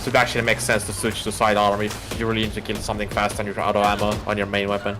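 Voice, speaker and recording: A man's voice: fairly low pitch, completely flat delivery, rapid-fire, over music. A man co-playing a game on a stream, explaining gameplay in a laid-back, casual way. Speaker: co-player guest. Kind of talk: casual gaming chat.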